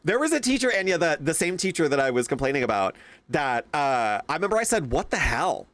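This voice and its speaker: A young man streaming a game, casually reacting to chat and telling animated stories with plenty of swearing. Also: a little high, fast talker, no echo.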